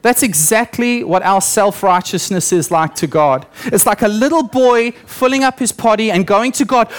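Animated storytelling male preacher. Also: high voice, normal speed, few pauses. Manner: animated storytelling with acted-out quotes and voices. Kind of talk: sermon. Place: church.

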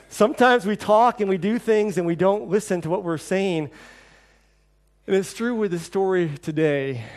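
Lively storytelling male pastor. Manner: storytelling, acts out quoted voices with lively shifts in pitch and level. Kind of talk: sermon.

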